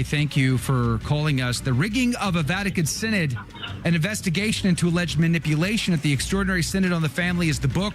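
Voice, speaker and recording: A male radio host closing an interview and promoting the after show in an upbeat, promotional manner. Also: a little high. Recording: music bed under the voice.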